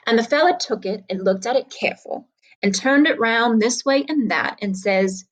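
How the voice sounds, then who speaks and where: A woman's voice: fairly high pitch, expressive, normal speed, poor audio. A woman summarizing a story in a casual, conversational way and then reading it aloud. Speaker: reader.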